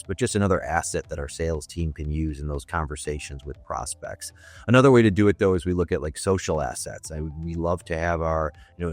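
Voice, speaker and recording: A man's voice: deep voice, darkish tone, dry recording. A man speaking as a guest in a casual video-call interview, upbeat and conversational, with frequent fillers. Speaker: guest, customer marketing manager.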